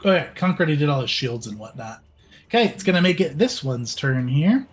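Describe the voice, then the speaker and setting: A man's voice: on the high side, very animated, fairly quick. Laid-back male game master. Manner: easygoing, laughs at his own slips. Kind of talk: running a tabletop game.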